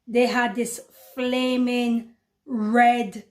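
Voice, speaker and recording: A woman's voice: on the high side, little pitch movement, very slow, a little mellow. A woman giving a spoken religious testimony in an earnest, repetitive way, calling her listeners brothers and sisters.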